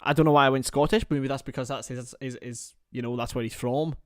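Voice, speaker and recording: A young man giving partisan live commentary on a football match for a fan watchalong, chatting casually between the action and getting loud at chances. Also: medium pitch, fast talker, dry recording, studio quality. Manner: partisan, rises to excited shouts at chances.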